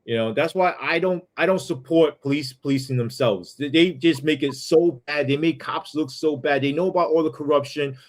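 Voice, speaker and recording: Ny guy ranting on a podcast, heated and sweary, kinda high voice. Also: normal speed, hardly any pauses. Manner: heated, profane, full of repeated asides. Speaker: podcast guest, former police sergeant. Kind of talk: emphatic podcast storytelling.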